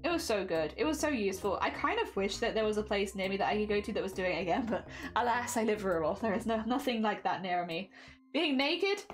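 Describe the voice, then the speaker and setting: A woman's voice: mid-range voice, expressive, quick pace, faint music behind. A young British woman streaming while she crafts, chatting casually and self-deprecatingly with her viewers, often sighing "oh dear".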